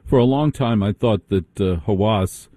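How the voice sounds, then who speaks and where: A man hosting a radio talk, wry and teasing, with a husky voice. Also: fairly low pitch, moderate pace, warm tone, dry recording. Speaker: radio host. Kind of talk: casual radio conversation.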